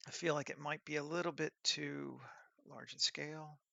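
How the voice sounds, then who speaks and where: A man's voice: a little high, flat delivery, normal speed, creaky, sharp tone, no room sound, dull audio. A man working on a 3D scene who thinks aloud, muttering half-finished commands to himself.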